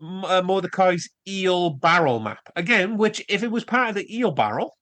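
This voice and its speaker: Man, fairly high voice, dry sound, sarcastic, incredulous, casual podcast chat. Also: expressive, normal speed, a bit bright, no room sound. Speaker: podcast co-host. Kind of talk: casual film review chat.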